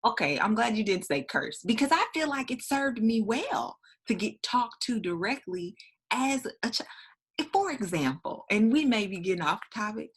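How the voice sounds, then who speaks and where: A young woman speaks candidly in casual chat, mixing personal stories with reflection. Her voice is husky, and her intonation rises and falls a lot. She sounds expressive and open. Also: fairly high pitch, moderate pace. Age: young adult. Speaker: podcast co-host.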